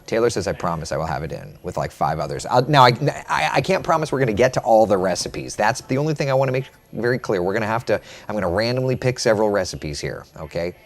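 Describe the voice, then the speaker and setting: A man with a somewhat low voice chats casually with viewers on a live stream, repeating his phrases and reading out their comments. He moves from small talk into a weather and travel forecast in a loose, unscripted way. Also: lively intonation, fast talker, hardly any pauses. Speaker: TV meteorologist hosting a live stream.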